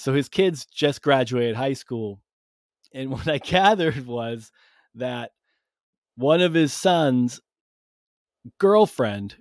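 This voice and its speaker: A man's voice: mid-range voice, darkish tone, no echo, studio quality. A male podcast host telling a casual, rambling story with plenty of swearing and self-mocking jokes.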